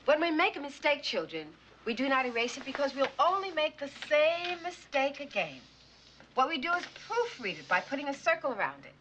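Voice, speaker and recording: An actress playing a firm, devoted schoolteacher who patiently encourages struggling children. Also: female voice, high-pitched, sing-song, a little fast, background noise. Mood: gently firm. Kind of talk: film drama acting. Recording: slightly dull film soundtrack.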